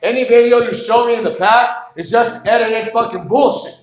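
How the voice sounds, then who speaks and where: A man's voice: extremely high pitch, normal speed, faint music behind. Man ranting on a roomy live stream. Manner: agitated, profane, erratic ranting. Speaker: livestream podcaster. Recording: roomy echo.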